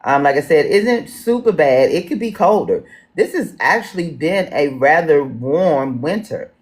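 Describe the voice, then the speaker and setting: A woman's voice: low-pitched, expressive, measured pace, a little mellow. A woman with a Washington D.C. accent moderating a livestream town hall, chatting folksy and casual with viewers. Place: home in Washington D.C.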